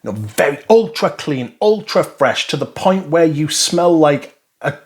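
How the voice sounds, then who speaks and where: A man's voice: on the high side, big pitch swings, measured pace, husky. A man giving casual, rambling first impressions of fragrances, blunt and full of swearing. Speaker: fragrance reviewer.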